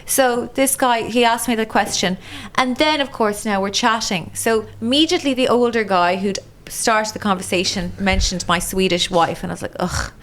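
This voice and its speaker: A comedian in her forties with an Irish accent, co-hosting a podcast and telling a dating story in casual, animated chat, with swearing and quick asides. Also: medium pitch. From Ireland.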